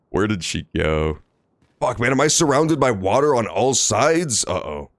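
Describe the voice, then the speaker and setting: A man streaming a game chats casually, slightly slowly and very animatedly, joking around and swearing plenty as his pitch jumps between high and low. The recording is dry, with clean studio sound.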